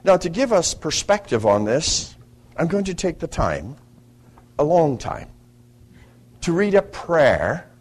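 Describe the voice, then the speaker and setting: A man's voice: a little high, sing-song, takes it slowly, long pauses, a little mellow, slightly rough. A man leading morning devotions as a preacher, explaining scripture in a devotional teaching talk with explanatory asides.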